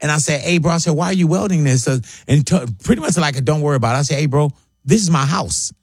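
A man hosting a casual chat, telling stories in a laid-back, drawn-out way. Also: on the high side, breathy edge, dry recording, clean studio sound.

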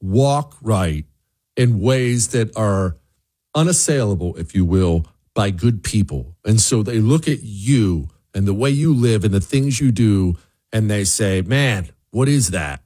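A man's voice: on the low side, animated, a little slow, warm tone. A man hosting an opinion monologue, preachy and emphatic, often restarting his words. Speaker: commentary host.

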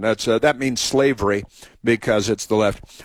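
A man's voice: lowish voice, fairly even intonation, moderate pace, no room sound. A man hosting a talk show, telling a meandering story full of restarts and asides, then moving on to political commentary.

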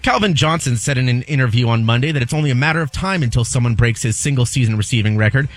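A man's voice: mid-range voice, expressive, fast, faint music behind. A man co-hosting sports radio, reading headlines and asking the host questions.

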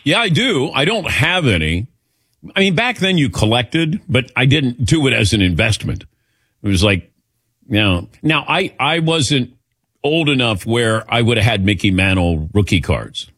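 Radio host, male, sixties, expressive and chatty, dry close mic. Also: medium pitch, moderate pace, slightly rough, dry recording. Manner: animated and chatty, laughs easily. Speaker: sports talk radio host. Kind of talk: casual call-in chat.

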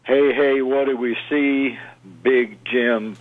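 A man's voice: mid-range voice, steady tone, slow, no echo. Joking caller man on a tinny phone line. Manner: folksy, joking, drawling banter. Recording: phone line into radio studio.

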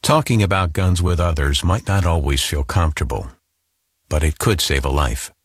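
A man reading a public service announcement in a serious, measured way. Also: very deep voice, breathy edge, no echo, studio quality.

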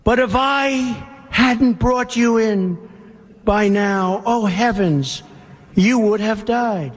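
A man's voice: sits high, takes it slowly, long reverb tail. A man voicing a tender-hearted, kindly woman in a poem, in an earnest, pleading way.

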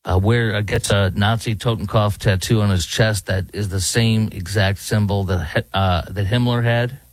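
A man's voice: lowish voice, fairly even intonation, moderate pace, dry recording. A man, hosting talk radio and giving indignant, rambling commentary. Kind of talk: opinionated commentary. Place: studio in Dallas.

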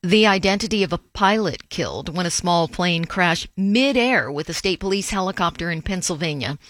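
A woman anchoring a radio news bulletin, reading stories in a crisp, measured way. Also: lowish voice, expressive, fairly bright tone, dry recording.

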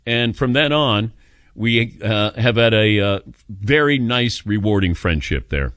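Male sports radio host, lively storyteller, dry studio sound. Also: fairly low pitch, unhurried, dry recording. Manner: animated anecdote-telling, mimics voices in quotes.

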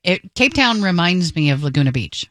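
A woman co-hosts a morning radio show, chatting and reacting quickly with enthusiasm. Her pitch jumps around lively, and the studio sound is dry and close. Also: dry recording. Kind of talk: casual on-air banter.

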